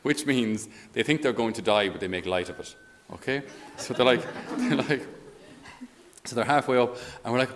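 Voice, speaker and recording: An Irish man speaking as a priest in a conversational homily. He is a lively storyteller who often chuckles as he talks. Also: medium pitch, normal speed. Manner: animated storyteller, chuckles while talking.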